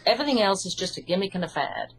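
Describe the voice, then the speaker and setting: A woman with an English accent, an author and hypnotherapist, calmly explaining her ideas in an interview. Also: mid-range voice, fast, slight background noise, low-quality recording. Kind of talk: interview answers.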